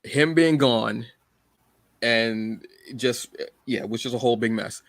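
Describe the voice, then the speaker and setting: Man asking slow questions, dry sound. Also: mid-range voice, no room sound. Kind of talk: casual podcast chat.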